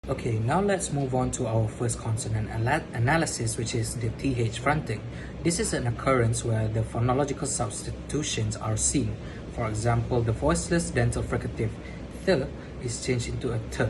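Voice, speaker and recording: A young man explains course material in a measured, mid-pitched voice, like a student presenting to his class. He often pauses on "uh" fillers. A steady hiss of background noise runs under the recording.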